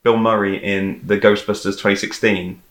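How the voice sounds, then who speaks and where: Guy chatting about movies, lively, roomy echo. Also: lowish voice. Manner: chatty, animated, quick reactions and laughs. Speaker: podcast co-host. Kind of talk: casual film chat.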